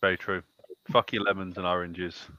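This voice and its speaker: A man's voice: low voice, level tone, normal speed, no echo, muffled recording. A man joking and giggling through casual podcast banter.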